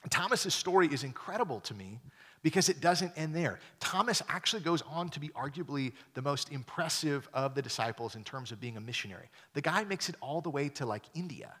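Bright-voiced young male pastor preaching. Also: on the high side, fairly quick, husky. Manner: casual, animated preaching with slang asides and acted-out quotes. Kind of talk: sermon. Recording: long hall reverb.

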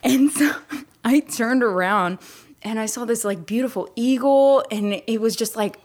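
A young woman co-hosting a podcast, telling a story in an animated way and laughing often. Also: a little high, measured pace. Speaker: podcast co-host. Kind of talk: casual chat.

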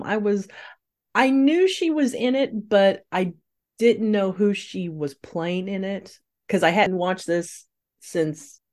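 A woman's voice: lowish voice, a little mellow. Chatty, laughing woman podcast co-host. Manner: chatty, laughs often, rambling. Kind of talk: casual chat.

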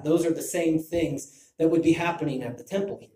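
Male Bible teacher, mellow tone, restarts often, roomy echo. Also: on the high side, normal speed. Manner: thinking aloud with restarts. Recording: echoey room.

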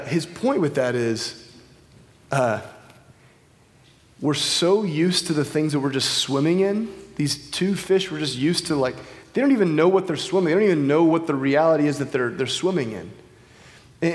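Male preacher, slightly high voice, loose conversational delivery, reverberant hall. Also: expressive, normal speed. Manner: casual, conversational, many fillers and restarts. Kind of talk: informal sermon. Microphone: wireless microphone.

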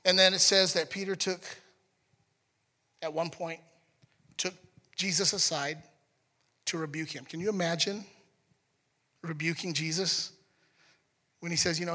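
A man preaching a sermon in a conversational, animated way, acting out scenes as he goes. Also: on the high side, measured pace, long pauses, long reverb tail. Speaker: pastor.

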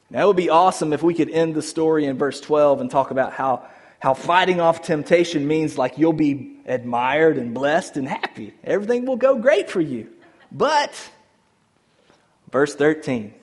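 A male pastor preaching a sermon in a conversational, animated way, with many casual fillers. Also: fairly high pitch.

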